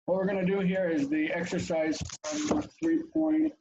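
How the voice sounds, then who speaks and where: A man teaching a class over a video call, lively and explaining step by step with many fillers, heard through dull, lo-fi call audio. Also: high-pitched, normal speed, background noise.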